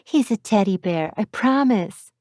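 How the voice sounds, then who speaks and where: A woman's voice: medium pitch, lively intonation, a little slow, darkish tone, no echo, studio quality, lightly acted. A woman voicing a cheerful young woman who teases her partner, in a storybook reading. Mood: teasing.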